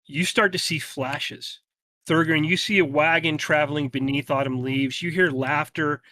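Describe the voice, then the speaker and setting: A man narrating a tabletop game as game master, telling the scene slowly and dramatically. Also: on the high side, fairly even intonation, bright, forceful tone, no room sound, clean studio sound. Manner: slow, dramatic storytelling.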